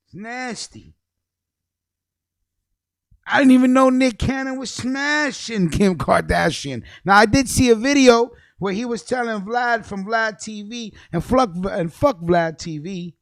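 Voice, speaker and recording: Profane ranting man, dry close sound. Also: no room sound. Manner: angry, profane, repeats himself, swings between low mutters and loud outbursts. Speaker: livestream host.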